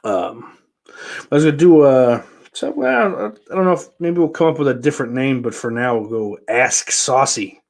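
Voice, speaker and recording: A man hosting his own podcast alone, rambling from one thought to the next with plenty of swearing. He has a middle-pitched voice and breaks into sudden loud bursts before dropping back to a mutter. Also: lively intonation, moderate pace. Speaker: podcast host. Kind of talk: rambling solo podcast chat.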